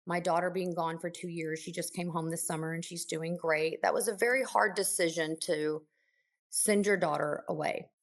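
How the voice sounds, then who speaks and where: A woman's voice: fairly low pitch, steady tone, moderate pace. A woman who works as an ICU nurse, a guest on a podcast, telling stories from her work in an earnest, emotional way, with many restarts and fillers. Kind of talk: conversational interview storytelling.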